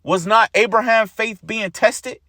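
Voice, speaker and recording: A man's voice: sits high, unhurried, bright, forceful tone, no echo, studio quality. Blunt, profane preacher man. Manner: blunt and profane, repeats lines, ends phrases with "man". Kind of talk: informal sermon to followers.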